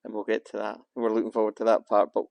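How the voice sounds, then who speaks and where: Low, flat-voiced podcast interviewer. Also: male voice, fast talker, gravelly, no room sound. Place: office.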